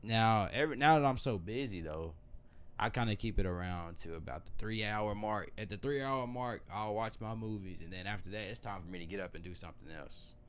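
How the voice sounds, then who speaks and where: Low-voiced man rambling casually. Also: a little fast, clean tone. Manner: meandering, loose and conversational, with many restarts. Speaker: vlogger.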